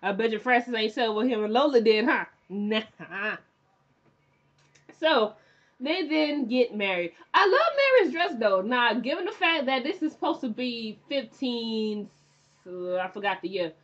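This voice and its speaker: A young woman casually recapping a TV episode, chatty and animated, often acting out the characters' lines. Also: fairly high pitch, a little slow. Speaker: TV recap vlogger. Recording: dull lo-fi recording.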